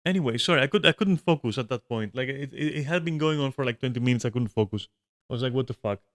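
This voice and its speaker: Man, streamer, rambling casual rant, heavy swearing, repeated restarts, home room, average pitch. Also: quick pace, a bit bright. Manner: swears a lot, frequent restarts and filler likes.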